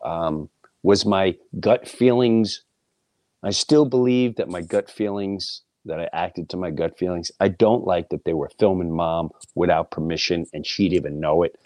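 Speaking at a measured pace in a low voice with no echo, a middle-aged podcast host shares a personal story casually. He's blunt and profane, and he animatedly acts out the people he quotes.

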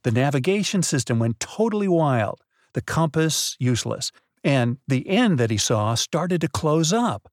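A man's voice: on the high side, big pitch swings, measured pace, dry recording, clean studio sound. A man co-hosting a podcast, patiently telling a mystery story with dramatic build-ups. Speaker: podcast co-host. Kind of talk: casual storytelling chat.

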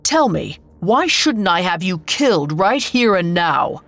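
A woman's voice: on the low side, big pitch swings, a little slow, a bit bright, dry recording, exaggerated voice. A woman voicing a stern, commanding storybook king who demands answers. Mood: stern, furious.

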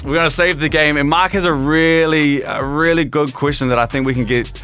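A man's voice: fairly high pitch, steady tone, fairly quick, sharp tone, soft background music. Breathless New man co-hosting. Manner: playful, sing-song banter. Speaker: radio co-host. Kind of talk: casual breakfast show chat.

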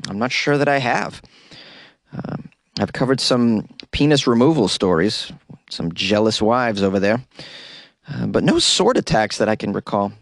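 A man's voice: fairly low pitch, expressive, moderate pace, creaky, no echo, clean studio sound. A man hosting a solo comedy news podcast, chatting casually and playfully, rambling and sometimes breaking into silly singing. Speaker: podcast host.

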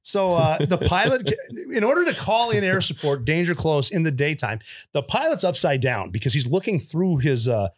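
Veteran male guest, slightly high voice, blunt and profane, lively anecdote teller. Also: normal speed. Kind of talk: casual war storytelling.

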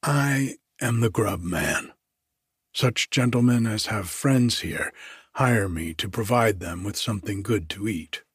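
Obsequious prison cook, male, husky and slow, raised a little in pitch, read by a man. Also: dry recording, studio quality, heavily acted. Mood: fawning. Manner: obsequious, gossipy, drawn-out.

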